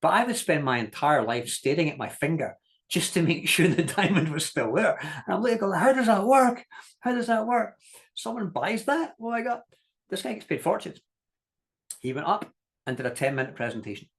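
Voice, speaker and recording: In this business masterclass, a male coach shares spirited stories, mimics quoted speakers, and laughs a lot, restating his central ideas with blunt emphasis. He talks at a normal speed in a voice on the high side.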